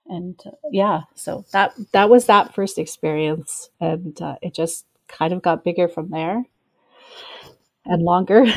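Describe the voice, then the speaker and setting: A woman's voice: fairly low pitch, darkish tone. Earnest woman telling a personal story. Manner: earnest, reflective, loosely rambling. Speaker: ultra trail runner telling her story.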